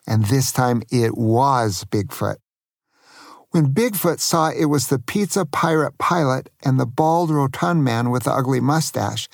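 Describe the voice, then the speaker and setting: Slow, gravelly grandfather storyteller. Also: on the high side, no echo, clean studio sound. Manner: slow, asks the young listener questions. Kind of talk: bedtime-style story narration for children.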